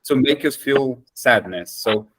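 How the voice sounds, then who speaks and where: A man leading a casual English practice conversation, speaking haltingly with many fillers, Portuguese his first language. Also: mid-range voice. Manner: hesitant, many fillers and restarts. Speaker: conversation host.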